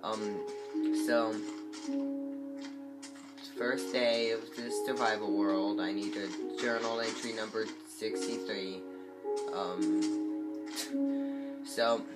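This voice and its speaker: A man's voice: on the low side, fairly even intonation, takes it slowly, pauses often. A man who is sick, giving rambling, hesitant gameplay commentary into a phone mic. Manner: rambling, hesitant, many fillers. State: sick, congested voice. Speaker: gameplay channel host. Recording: guitar music playing behind. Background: guitar music.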